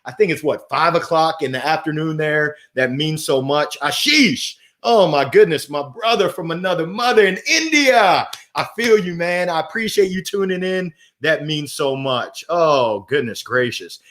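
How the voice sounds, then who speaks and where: A man hosts a motivational livestream into a microphone, his voice sitting high and swinging animatedly up and down. He keeps the energy playful and upbeat, greeting viewers by name as he encourages them. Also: normal speed, hardly any pauses. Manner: energetic, playful, reads out viewer comments with shout-outs. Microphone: gold microphone.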